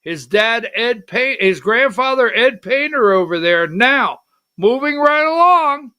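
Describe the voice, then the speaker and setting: A man's voice: extremely high pitch, expressive, a little slow, bright, forceful tone, clean tone. A middle-aged man hosting a political livestream talk show. He talks in a rambling, emotional way and calls to the producer for slides.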